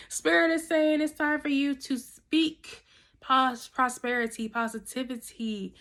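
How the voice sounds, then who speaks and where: A woman's voice: high-pitched, a little slow, sharp tone. A woman doing a casual tarot reading to camera. She talks directly and coaches her listeners, peppering her advice with slang, casual swearing and a checking-in "okay?". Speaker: tarot reader.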